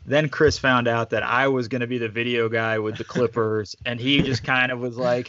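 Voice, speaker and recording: A man telling stories as a guest in casual chat, relaxed and full of fillers. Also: medium pitch, moderate pace, few pauses, dull audio, slight background noise. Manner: relaxed, chatty, lots of fillers. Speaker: basketball staff guest. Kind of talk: casual storytelling.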